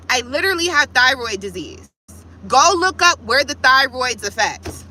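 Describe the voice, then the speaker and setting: A woman's voice: high voice, animated, fairly quick, pushed and bright, low-quality recording. Fired-up woman venting on a livestream. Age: adult with kids. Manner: blunt, profane, fired up, talks straight to viewers. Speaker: vlogger on a livestream. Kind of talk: heated livestream vent.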